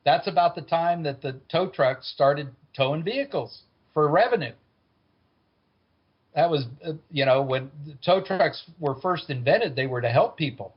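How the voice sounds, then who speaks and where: A man's voice: a little high, animated, normal speed, slightly rough. A man telling a personal story in a wry, conversational way. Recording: dull lo-fi recording.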